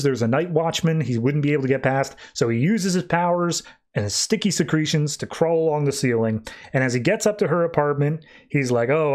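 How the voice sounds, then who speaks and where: A man hosting a podcast, casually recapping a comic book in a loose, rambling way. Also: on the high side. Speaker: podcast host.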